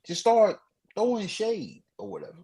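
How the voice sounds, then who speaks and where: A man co-hosting a podcast, telling a dating story in relaxed, rambling casual chat. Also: high-pitched, moderate pace, poor audio. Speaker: podcast co-host.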